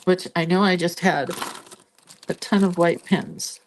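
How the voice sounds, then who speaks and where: Filming on her phone at a craft desk, a woman teaches doodling in a relaxed live tutorial, talking and thinking aloud while she draws. Her fairly low voice is steady and a little slow, with slight background noise.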